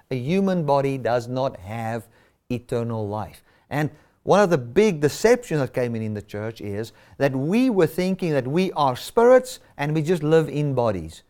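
Male preacher, unhurried sermon delivery, slightly raised pitch, leans hard on repeated words. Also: darkish tone. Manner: emphatic, repeats key words for stress.

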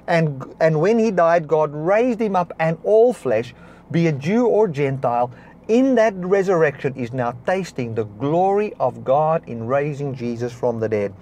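A man preaching a sermon, stopping now and then to correct himself and clear his throat. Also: on the high side, animated, unhurried, slight background noise. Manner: preaching with swings between soft and raised passages. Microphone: device recording a broadcast, battery powered.

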